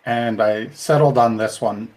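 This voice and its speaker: A man's voice: mid-range voice, measured pace, darkish tone. A middle-aged man co-hosting a podcast, talking things through in a thoughtful, rambling way with restarts. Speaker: podcast co-host. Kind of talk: casual podcast discussion.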